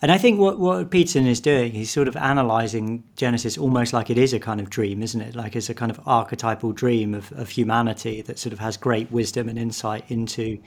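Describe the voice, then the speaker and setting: A man's voice: mid-range voice, a little fast, creaky, hardly any pauses. A man, a vicar, talking as a podcast guest, often restarting and repeating words as he thinks aloud. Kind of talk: casual podcast conversation.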